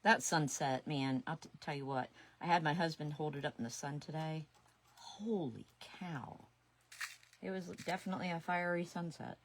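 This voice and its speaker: Chatty low-voiced woman in her sixties. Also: normal speed, slight background noise. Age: 60s. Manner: chatty, talks to herself while working. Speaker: resin artist streaming live. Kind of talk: casual craft livestream chat.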